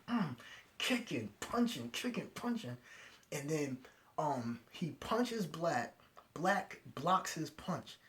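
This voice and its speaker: Excited young man recapping an episode. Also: a little high. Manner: animated, retells scenes with quoted lines and sound effects. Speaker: anime reviewer.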